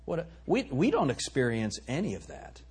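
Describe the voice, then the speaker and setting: A man preaching a sermon as pastor, swinging between soft reflection and loud, emphatic exhortation. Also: medium pitch, wildly swooping pitch, normal speed, slightly rough.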